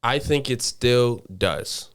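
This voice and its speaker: A man's voice: mid-range voice, takes it slowly, clear, resonant tone. A young man co-hosting a podcast, making his points emphatically and repeating them for stress. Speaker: podcast co-host. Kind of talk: casual chat.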